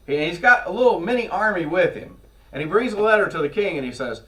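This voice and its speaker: A man preaching a sermon in a church, telling scripture stories in a lively way and acting out the characters. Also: sits high, fast. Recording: voice from far off the mic.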